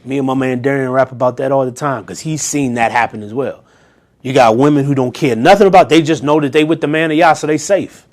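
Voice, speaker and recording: A man with a mid-pitched voice reads old scripture aloud in an ordinary speaking tone. He keeps cutting in with loose, slangy asides and rhetorical questions to his listeners, like a relaxed Bible study leader. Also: fairly quick. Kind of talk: scripture reading with casual commentary.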